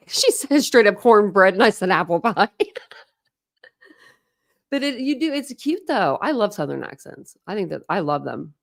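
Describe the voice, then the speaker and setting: A young true crime channel host with a mid-range voice speaks at a measured pace, her pitch swinging widely, with vocal fry. Chatting casually to livestream viewers, she rambles and keeps restarting, saying "like" a lot.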